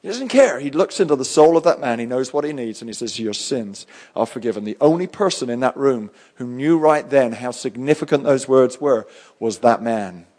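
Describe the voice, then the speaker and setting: A male pastor giving a live sermon, fervent and swinging between loud and hushed. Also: mid-range voice, expressive, a little fast.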